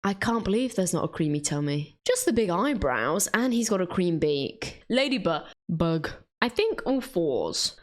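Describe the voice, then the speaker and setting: A woman's voice: on the low side, sing-song, measured pace. Woman talking thru her drawing, jokey and self-mocking, voice jumps up and down a lot. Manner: chatty, self-mocking, laughs often. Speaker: art vlogger. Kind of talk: casual drawing commentary.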